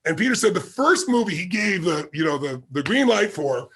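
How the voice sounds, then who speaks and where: A man's voice: high voice, sing-song, normal speed, a bit bright, husky. A man being interviewed as a guest, telling a story vividly and acting out the quoted dialogue. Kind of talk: animated anecdotal storytelling.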